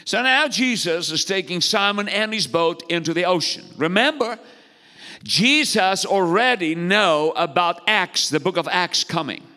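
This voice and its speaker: A man's voice: high-pitched, animated, a little slow, bright, forceful tone, in a large hall. A man preaching as pastor, exhorting the congregation and calling for their responses. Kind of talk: sermon.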